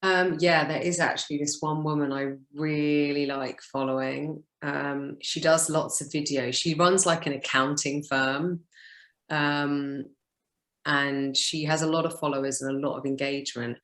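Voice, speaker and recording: A woman's voice: low-pitched, fairly even intonation, a little slow, fairly bright tone, echoey room. A woman being coached, describing in a hesitant, chatty way with many fillers. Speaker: coaching client. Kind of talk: casual chat.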